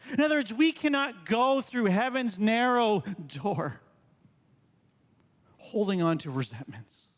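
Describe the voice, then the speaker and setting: A man's voice: high voice, in a large hall. A male pastor preaching a sermon in a conversational way, full of rhetorical questions. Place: church sanctuary.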